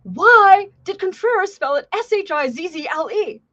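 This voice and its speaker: A woman mimicking a shouting drill instructor, dull lo-fi sound. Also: very high voice, lively intonation, normal speed, pitched above the performer's own voice, exaggerated voice. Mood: barking, stern. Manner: yelling interrogation. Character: barking male police academy instructor, stern.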